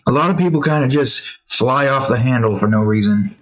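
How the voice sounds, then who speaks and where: A man's voice: medium pitch, brisk, poor audio. Casual young male vlogger, rambling and offhand, mid-range voice. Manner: rambling, loose, wanders between topics and scolds his cat. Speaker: art vlogger. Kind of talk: casual rambling monologue while drawing.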